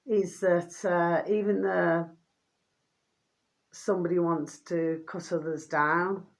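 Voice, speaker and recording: Lady vlogging, kinda hoarse, rambly and sweet, lowish voice. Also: steady tone, takes it slowly. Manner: affectionate, rambling, keeps asking "do you see what I mean". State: getting hoarse. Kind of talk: casual chatty vlog to viewers.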